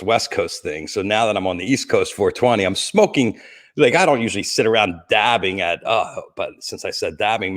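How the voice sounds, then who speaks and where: A man's voice: lowish voice, fairly bright tone. A middle-aged man hosting a casual livestream from home beside a Christmas tree, rambling and joking, greeting viewers by name and coughing now and then. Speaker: livestream host.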